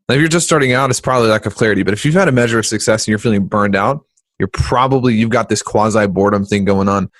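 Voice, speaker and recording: A man co-hosting a business podcast in a casual, joking chat, animated and quick to poke fun. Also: mid-range voice, dry recording. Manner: animated, joking, jumps into voices when quoting people. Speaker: podcast co-host.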